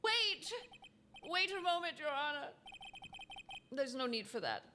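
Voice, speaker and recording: A woman's voice: high voice, very animated, measured pace, slight background noise, voice pushed up, full character voice. A woman voicing a dramatic, earnest young male defense attorney in a courtroom game. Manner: dramatic shouted objections.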